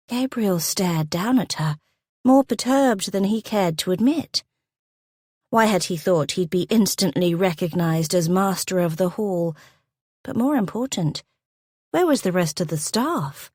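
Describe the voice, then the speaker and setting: A woman narrating a historical romance audiobook in a measured, descriptive way, close to a studio mic. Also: lowish voice, animated, darkish tone, husky, no room sound. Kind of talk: scripted narration.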